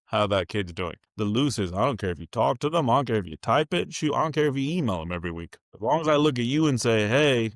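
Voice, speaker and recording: A man's voice: mid-range voice, animated, quick pace, few pauses, no room sound, clean studio sound. A man who leads a school district, talking in a casual interview in a plain-spoken, folksy way and acting out the conversations he quotes. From California.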